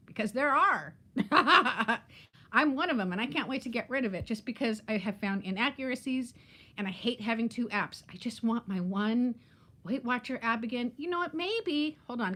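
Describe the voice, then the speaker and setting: A woman's voice: fairly high pitch, sharp tone. A woman in her fifties chatting casually on a live stream, laughing often and greeting viewers by name. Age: 50s. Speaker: vlogger hosting a live chat.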